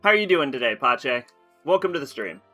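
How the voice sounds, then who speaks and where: A man's voice: medium pitch, big pitch swings, a little fast, sharp tone, faint music behind. A man casually commenting on a video game stream, chatting with viewers and laughing often.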